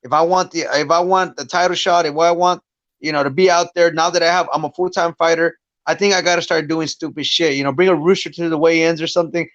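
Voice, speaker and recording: A man's voice: fairly high pitch, fairly even intonation, quick pace, fairly bright tone, no echo, dull audio. A man, a guest fighter, chatting bluntly and profanely on a podcast, rambling through his points. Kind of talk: casual podcast chat.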